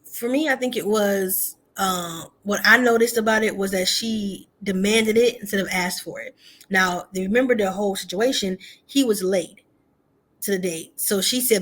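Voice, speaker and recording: Woman co-host, casual dating talk, candid and chatty, average pitch. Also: normal speed. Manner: candid, chatty, frequent fillers and laughs. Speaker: podcast co-host. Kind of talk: casual chat.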